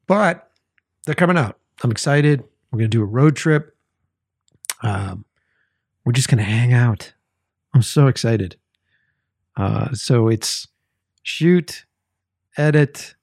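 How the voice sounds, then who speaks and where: A man's voice: medium pitch, creaky, darkish tone, no room sound, studio quality. A man hosting his own podcast, chatting casually in a rambling, profane way full of fillers. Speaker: podcast host. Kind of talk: casual solo podcast chat.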